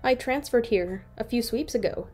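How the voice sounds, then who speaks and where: A woman's voice: on the high side, moderate pace, mellow, soft background music, voice pushed up, lightly acted. A woman voicing a nervous, flustered young female troll in a read-aloud fan story. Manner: hesitant, nervous.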